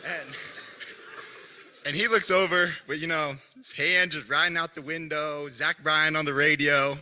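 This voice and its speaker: A young man telling a halting, self-deprecating story at a memorial gathering. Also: a little high, bright, forceful tone. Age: young adult. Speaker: speaker at a memorial.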